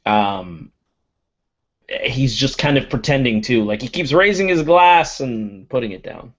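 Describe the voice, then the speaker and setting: A man's voice: mid-range voice, expressive, unhurried. A man describing his character's actions in a tabletop game, casual and rambling, on a muffled recording. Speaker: player.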